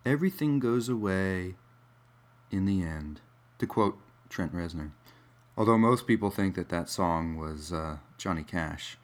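A man's voice: low voice, animated, a little slow. A man musing in a casual, rambling monologue, wry and digressive, with many fillers.

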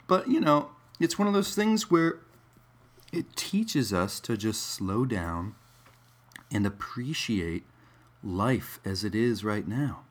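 A man's voice: on the low side, sing-song, takes it slowly. A man musing in a casual, rambling monologue, wry and digressive, with many fillers.

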